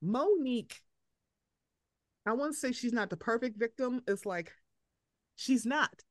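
A young woman from Baltimore hosting a podcast, chatting casually and profanely, acting out quotes with animated energy. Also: a little high, unhurried, no echo, clean studio sound. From Baltimore, USA. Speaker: podcast host. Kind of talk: casual chat. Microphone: podcast mic.

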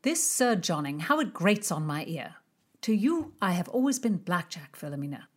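A woman's voice: on the low side, very animated, moderate pace, husky. A woman doing a teasing young nobleman. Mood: wry, teasing.

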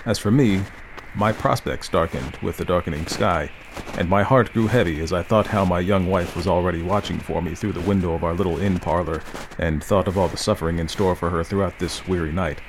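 A man narrating a Victorian ghost story in a measured, dramatic reading style. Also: deep voice, background noise. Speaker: audiobook narrator.

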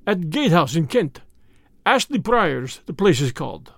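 A man's voice: fairly high pitch, sing-song, moderate pace, gravelly, a bit bright, no room sound, studio quality, exaggerated voice. A man voicing a frightened, sullen conspirator in an audiobook, pleading and evasive. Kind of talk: audiobook character voice.

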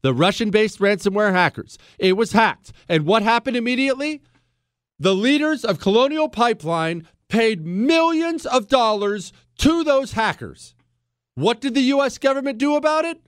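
A man's voice: very high voice, lively intonation, moderate pace, clean tone, dry recording, clean studio sound. A man hosting a radio talk show, delivering a fired-up political monologue full of rhetorical questions. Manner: heated, emphatic, rhetorical questions.

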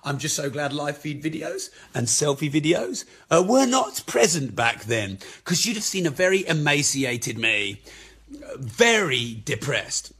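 Husky, forceful man, blunt talk. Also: a little high, very animated, measured pace. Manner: frank, swears freely. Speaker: property business speaker. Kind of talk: candid motivational talk.

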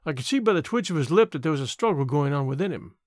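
Casting: male audiobook narrator, expressive first-person telling, high and animated. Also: fast, no echo, studio quality.

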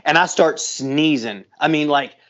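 A man's voice: a little high, measured pace, slight background noise. A man co-hosting a podcast, telling a long story in casual chat, cursing often and acting out the people in it. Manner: profane, animated storyteller. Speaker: podcast co-host. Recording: muffled lo-fi audio.

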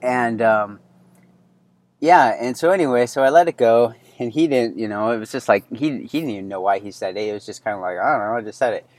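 A man's voice: mid-range voice, a little fast, a little mellow, dry recording. A man in his thirties hosting a solo podcast, telling a personal story in a loose, candid way with many fillers and restarts. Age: 30s. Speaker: podcast host. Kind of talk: casual solo podcast monologue.

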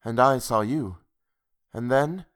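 A man's voice: medium pitch, takes it slowly, smooth, lightly acted. A murmuring dreamy young woman, as a man reads her. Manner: soft, murmuring. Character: quiet dreamy young woman, ghostly and calm.

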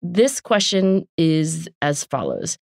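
A woman psychologist from Southern New Jersey co-hosting a podcast, chatting with eager, quick curiosity. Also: low voice, wildly swooping pitch, vocal fry, dry recording, studio quality. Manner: enthusiastic, quick, inquisitive. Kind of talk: casual conversational podcast.

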